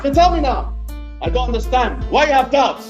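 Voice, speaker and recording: A man's voice: very high-pitched, very animated, fairly quick, dull audio, faint music behind. A man in a livestream rant, taunting and preachy, challenging his listeners.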